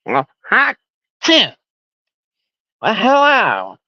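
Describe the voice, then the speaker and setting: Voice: mid-range voice, wildly swooping pitch, very slow, sharp tone, no room sound, lo-fi sound, voice pushed up, full character voice. A livestreamer voicing a nasal, congested, boastful male online troll in a mocking sing-song parody.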